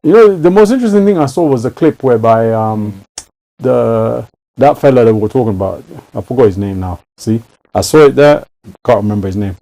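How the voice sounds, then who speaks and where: A man speaking in a mellow, dark voice at an ordinary pitch, talking in a relaxed conversational way. He is emphatic and often repeats his words for effect, like a host in a casual chat. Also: fairly quick, gravelly, low-quality recording.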